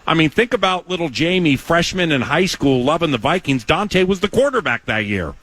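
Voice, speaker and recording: A man's voice: fairly high pitch, expressive, brisk, fairly bright tone. A male sports radio host chatting with a guest, effusive in his praise and rambling with many fillers.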